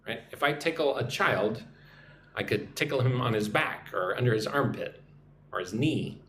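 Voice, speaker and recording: A man from the United States teaching an English lesson on a livestream, drilling pronunciation slowly and asking "right?" again and again. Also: mid-range voice, expressive, a bit bright. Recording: echoey room, faint background noise.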